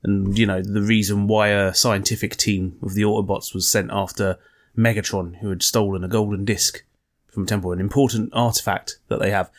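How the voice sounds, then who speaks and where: A man co-hosting a podcast, delivering dry, sarcastic quips and steady explanations. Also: on the low side, fairly quick. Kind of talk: casual chat.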